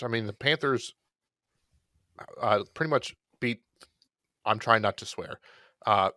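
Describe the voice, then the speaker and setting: A man co-hosting a podcast, talking through fantasy football picks in a relaxed, rambling way with self-deprecating jokes. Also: mid-range voice, dry recording, studio quality. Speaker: podcast co-host. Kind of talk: casual fantasy football chat.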